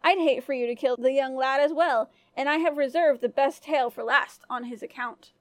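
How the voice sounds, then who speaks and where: A woman's voice: sits high, normal speed, dry recording, close to an everyday voice. A woman voicing a bold, cunning male thief in a folk tale, speaking as a confident storyteller.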